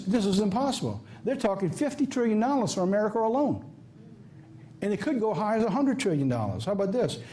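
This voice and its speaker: A man's voice: sits high, mellow, a little hiss or hum. A man with a Southern US accent preaching a sermon, emphatic and folksy, firing off rhetorical questions. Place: church office or studio.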